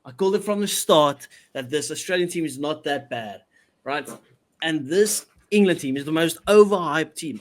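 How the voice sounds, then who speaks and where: A man's voice: a little high, animated, moderate pace. A man co-hosting a casual sports podcast, blunt and opinionated. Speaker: podcast co-host. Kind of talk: casual rugby chat.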